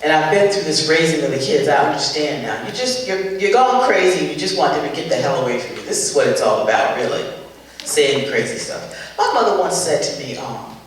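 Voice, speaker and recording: An older woman comedian doing stand-up on a charity show stage, telling stories in an animated, exasperated way with punchy asides. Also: low-pitched, fairly quick. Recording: echoey hall, voice far from the mic, faint ambience.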